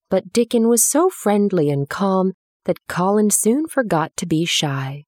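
Woman storybook narrator, measured and lowish, dry booth sound. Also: a little mellow, no echo. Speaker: audiobook narrator.

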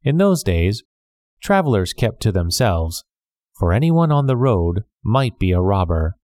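A man reading a classic novel aloud as scripted storybook narration, measured and clear. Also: fairly low pitch, very animated, darkish tone, dry recording, clean studio sound. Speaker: audiobook narrator.

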